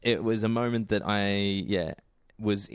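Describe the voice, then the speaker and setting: Co-host, man, low voice, dry recording, thoughtful and measured. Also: clear, resonant tone, no echo. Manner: thoughtful, searching for words. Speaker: podcast co-host. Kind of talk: casual chat.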